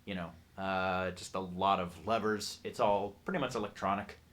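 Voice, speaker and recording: Low-voiced man running a tabletop game. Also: normal speed. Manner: relaxed, explanatory, with frequent fillers. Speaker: game master.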